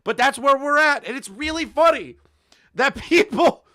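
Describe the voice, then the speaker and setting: A man ranting on his commentary channel, with a bright, forceful voice that leaps all over the place. He is profane and mocking and breaks into laughter between jabs. The sound is dry and close. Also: very high-pitched, expressive, normal speed, no room sound.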